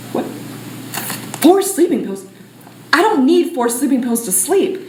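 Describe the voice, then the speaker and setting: A woman's voice: sits high, very animated, unhurried, long pauses, roomy sound, a little hiss or hum. A woman playing herself in a solo stage show, talking in frustrated exclamations.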